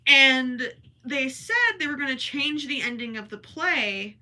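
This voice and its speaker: A woman's voice: high-pitched, measured pace, sharp tone. A young woman hosting a crochet livestream, chatting casually with viewers and rambling as she works, sometimes turning from the mic. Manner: chatty and rambling, self-correcting, talks while working. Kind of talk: casual chat while crocheting live.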